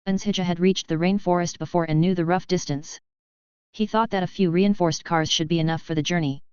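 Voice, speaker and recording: A woman with a lowish, very smooth voice reads a fantasy novel aloud in an even, measured way. The recording is dry and a little dull, with no room sound at all. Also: no echo. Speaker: audiobook narrator. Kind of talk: scripted novel narration.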